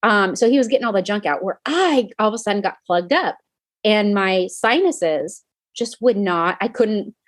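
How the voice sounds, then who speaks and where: A woman's voice: mid-range voice, animated, moderate pace, no room sound. A woman podcast host and coach telling a personal story in a casual, chatty way. She talks straight to her listeners, with lots of "um"s and self-corrections. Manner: many "um" fillers and self-corrections.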